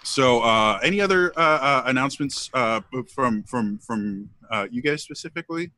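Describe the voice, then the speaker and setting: A man hosting a live tabletop role-play stream as game master, chatting casually with hesitant pauses and frequent laughter. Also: medium pitch, animated, pushed and bright, dry recording.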